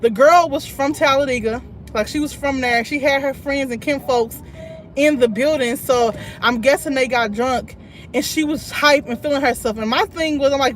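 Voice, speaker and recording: A young woman telling a story on a live stream from her car, chatty and quick to laugh, reading out viewer comments as she goes. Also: high-pitched, a little hiss or hum.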